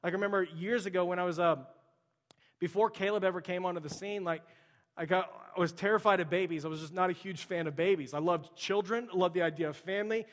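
High-voiced pastor preaching in a reverberant hall. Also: male voice, fast talker. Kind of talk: sermon. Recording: long reverb of a large hall.

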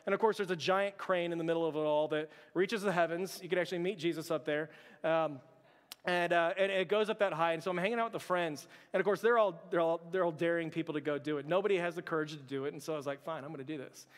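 Pastor guy preaching, funny storytelling, goes quiet and hushed for his own thoughts, kinda high voice, big echoey church hall. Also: fast. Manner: animated and humorous, drops to a hushed voice for quoted thoughts. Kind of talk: sermon with personal storytelling. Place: church sanctuary. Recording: church hall with long reverb.

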